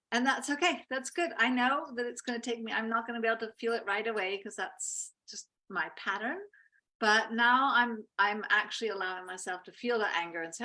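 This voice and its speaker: Woman love coach, bright high-ish voice, gentle and reflective; casual chat. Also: a little fast.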